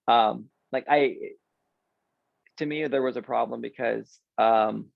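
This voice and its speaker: A man's voice: mid-range voice, steady tone, slow pace, gravelly, no room sound, phone-quality sound. A man in his forties, an interview guest, candidly telling a self-deprecating personal story in a casual way. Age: 40s.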